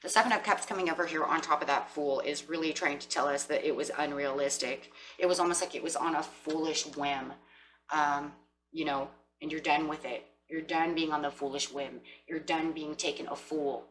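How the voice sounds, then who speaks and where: This tarot reader has a deep, fairly bright voice with fairly even intonation and a moderate pace. Talking directly to viewers, she performs imagined remarks from the people in her reading, over slight background noise in a low-quality recording.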